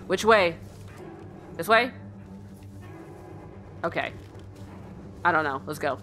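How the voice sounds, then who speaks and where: A woman playing a horror game and commenting as she goes, jumpy, yelping when startled and muttering quietly when she is tense, often calling to her in-game dog. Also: low-pitched, expressive, slow pace, pauses often, slight background noise. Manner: jumpy, yelps and shrieks, then drops to a hushed mutter. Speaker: let's play streamer.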